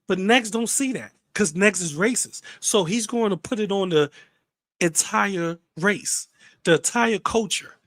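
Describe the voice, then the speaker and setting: A man's voice: high-pitched, measured pace, a bit bright, no echo. A man hosting a commentary channel, ranting bluntly and heatedly, swearing freely.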